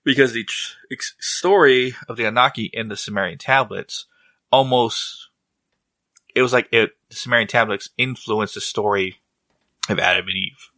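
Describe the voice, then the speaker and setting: A man's voice: mid-range voice, normal speed, bright, forceful tone, no echo. A man co-hosting a casual podcast, rambling with restarts and jokes. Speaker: podcast co-host. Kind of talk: casual chat.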